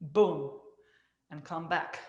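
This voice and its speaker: A woman teaching a dance class, cueing moves and counting out loud as she demonstrates. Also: deep voice, extremely slow, echoey room, muffled recording. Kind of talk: live online dance class instruction.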